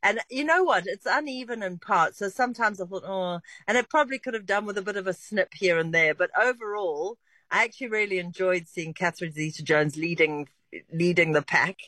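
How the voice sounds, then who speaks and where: A woman's voice: medium pitch, brisk, sharp tone, no echo. A woman reviewing a TV series on the radio, chatty and rambling with many restarts. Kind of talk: casual radio chat. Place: radio studio. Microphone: close studio mic.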